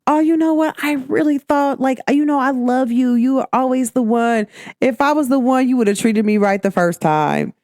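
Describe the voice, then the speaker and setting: A woman's voice: high voice, moderate pace, darkish tone, no room sound, studio quality, pitched above the performer's own voice, natural voice. A woman playing a self-pitying male ex-partner who pleads to be let back in. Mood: pleading.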